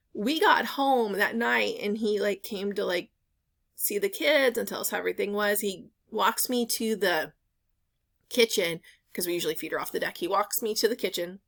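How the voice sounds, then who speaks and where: Woman vlogger at home, rambly chatty storytelling, lots of ums, kinda gravelly. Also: medium pitch, fairly bright tone. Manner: rambling storytelling with many fillers. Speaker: reseller vlogger. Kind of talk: casual chat.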